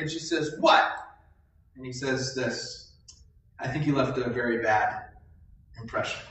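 A pastor preaching a sermon in a church, telling stories and asking the congregation questions. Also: male voice, a little high. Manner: animated storytelling with questions to the congregation. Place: church sanctuary. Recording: echoey hall, voice from a distance.

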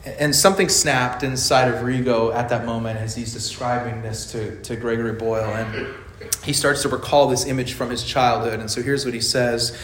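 A man's voice: mid-range voice, level tone, moderate pace, a bit bright, slight background noise. Preacher man in an echoey hall. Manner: storytelling with rhetorical questions to the congregation. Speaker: pastor. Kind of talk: sermon.

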